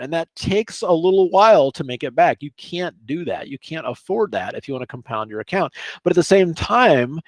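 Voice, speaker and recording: A middle-aged man teaching trading over charts in a casual, animated way, often checking in with "okay?". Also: a little high, dry recording. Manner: animated, chatty, sprinkles "okay?" and asides. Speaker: trading educator.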